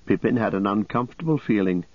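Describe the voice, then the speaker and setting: This is scripted audiobook narration by a man with a low, husky voice, delivered steadily and at a measured pace. Recorded close and dry with no room sound, the audio comes across slightly dull.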